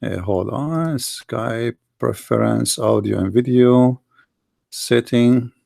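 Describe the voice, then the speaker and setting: A man's voice: medium pitch, slow pace, creaky, dark tone, dry recording, clean studio sound. A man with an Arabic accent hosting a live call-in debate stream, asking insistent, challenging questions. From Middle East. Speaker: debate livestream host.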